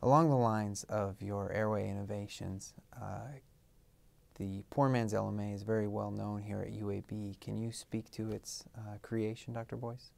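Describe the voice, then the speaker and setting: A young man, a resident doctor, interviewing politely with slightly halting questions. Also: fairly low pitch, steady tone, gravelly, darkish tone.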